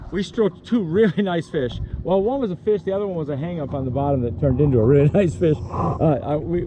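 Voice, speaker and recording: A fishing guide chats and jokes from a boat on a lake, laughing a lot and often starting his sentences over. His voice is high-pitched, with phone-quality sound and slight background noise. It's casual fishing vlog talk.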